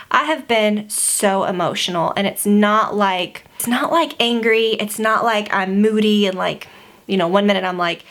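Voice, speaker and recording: A woman's voice: medium pitch, a bit bright. A young woman chatting casually to camera as a beauty vlogger, filling her talk with "like" and "you know.". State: pregnant.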